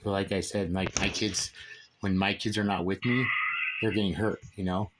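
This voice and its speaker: Casual monologue from a man with a fairly low voice, telling a story in a rambling, emphatic way. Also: flat delivery, moderate pace, background noise. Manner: rambling and emphatic, repeating "okay?" and "dude". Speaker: father telling a personal story.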